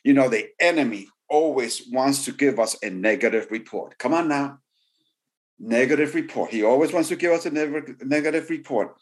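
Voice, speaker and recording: A man's voice: medium pitch, moderate pace. A man preaching a sermon, repeating key phrases for emphasis and often saying "you know.". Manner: frequent "you know" fillers. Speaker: pastor.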